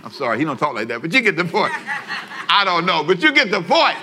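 A man's voice: on the high side, very animated, fast talker, crowd noise. A man preaching a radio sermon with lots of energy. He uses call-and-response and acts out little scenes for his listeners. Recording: broadcast radio sermon from a church service.

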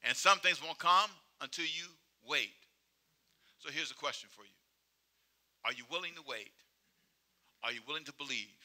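High, bright-voiced emphatic male preacher. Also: moderate pace, pauses often. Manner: emphatic, repetitive call-and-response preaching; swings between loud exhortation and quiet, low asides. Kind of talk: sermon.

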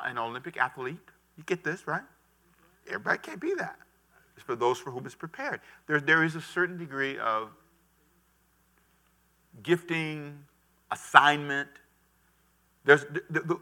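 A middle-aged man preaching a lively sermon as pastor, calling on the congregation to repeat after him. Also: fairly high pitch. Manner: animated preaching with call-and-response to the congregation.

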